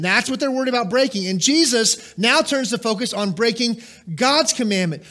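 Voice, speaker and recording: A man's voice: high-pitched, lively intonation, fairly quick, bright, forceful tone. A middle-aged man preaching a sermon, emphatic and asking the congregation questions. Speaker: pastor.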